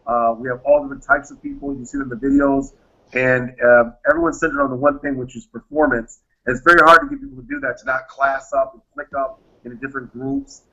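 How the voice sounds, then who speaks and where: A man with a gravelly, slightly husky voice that swings widely up and down as he explains his methods and acts out quoted exchanges. His tone is bright and forceful. The audio is dull and lo-fi. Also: fairly high pitch, big pitch swings, fast talker. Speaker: guest, private security firm founder. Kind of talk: interview answers, explaining.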